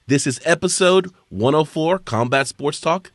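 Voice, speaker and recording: Brisk male podcast host. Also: on the high side, lively intonation, dry recording, studio quality. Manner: brisk, with frequent fillers and restarts. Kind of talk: casual sports podcast chat.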